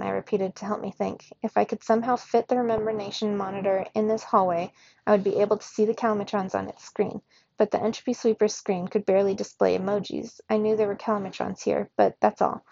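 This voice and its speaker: Woman reading a kids' book out loud, lively storyteller, fry in her voice, dull lo-fi sound. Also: medium pitch, a little fast. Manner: expressive first-person reading, giving the characters voices. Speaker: reader. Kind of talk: reading a children's novel aloud. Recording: dull lo-fi recording in a dry room.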